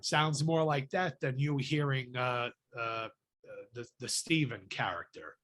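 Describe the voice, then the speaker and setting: A man hosting a podcast and chatting casually, his talk full of curses. He rants with real heat, and his voice sits at an ordinary middle pitch. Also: a little slow, fairly bright tone. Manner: profane, ranting, heated. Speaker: podcast host. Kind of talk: casual chat.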